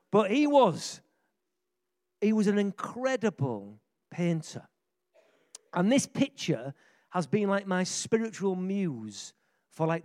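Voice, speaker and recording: A man preaching, telling stories in an excitable, jokey way. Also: high voice. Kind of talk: lively sermon storytelling.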